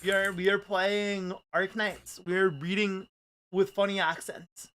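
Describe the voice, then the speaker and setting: Halting, playful man streaming. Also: high-pitched, level tone, a bit bright. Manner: playful, halting, trailing off in fillers. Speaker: streamer and voice actor. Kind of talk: casual livestream chat.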